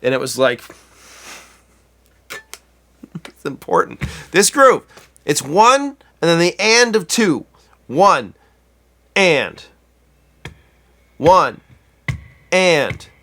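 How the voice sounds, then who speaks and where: A man's voice: fairly high pitch, sing-song, extremely slow, long pauses, bright, forceful tone. A man giving a casual guitar lesson, chatty and self-correcting, counting beats aloud as he plays. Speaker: guitar teacher.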